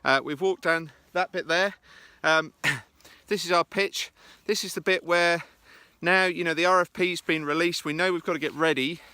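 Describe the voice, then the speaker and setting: Male presentation coach, walking vlog outdoors, fairly high and bright tone, chatty, pokes fun at himself. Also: steady tone, normal speed, hardly any pauses, smooth, no echo. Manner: chatty and self-deprecating, with frequent "uh" fillers. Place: outdoors in the countryside.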